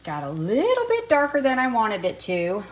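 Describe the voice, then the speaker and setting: An older Southern US woman chats folksily while giving a casual home cooking demonstration, talking as she eats. Her voice is on the high side, with huge pitch swings, at normal speed.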